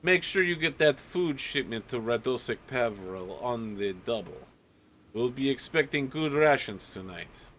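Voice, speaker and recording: A man voicing a gruff guard commander who barks orders in a tabletop game. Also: medium pitch, expressive, unhurried, a bit bright, a little hiss or hum. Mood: stern. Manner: barking orders. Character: gruff male town guard commander, stern and threatening.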